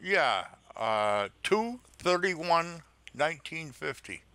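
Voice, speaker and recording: A man baiting a phone scammer, gruff and taunting, swearing freely over a phone call. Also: a little high, sing-song, takes it slowly, bright, forceful tone, no echo. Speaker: scam baiter.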